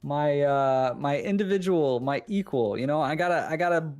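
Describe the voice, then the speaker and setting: A man's voice: fairly high pitch, moderate pace, darkish tone, soft background music. A man co-hosting a podcast in casual chat, jokey and playful in his banter. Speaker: podcast co-host.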